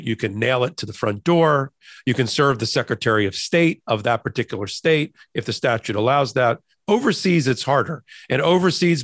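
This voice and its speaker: A man's voice: medium pitch, fairly bright tone, no echo. Man, podcast co-host, explains law conversationally, close dry sound. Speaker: podcast co-host, trial lawyer. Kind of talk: casual legal commentary.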